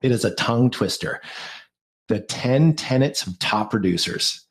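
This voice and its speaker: A man's voice: medium pitch, animated, measured pace. A man co-hosting a podcast, speaking in a playful, motivational way with lots of alliteration. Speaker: podcast co-host, mortgage coach. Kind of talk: podcast conversation.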